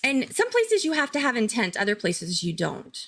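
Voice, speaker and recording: A woman hosting a casual live-stream commentary, chatty and excitable, thinking aloud and laughing often. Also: fairly high pitch, moderate pace. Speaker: true-crime commentary host.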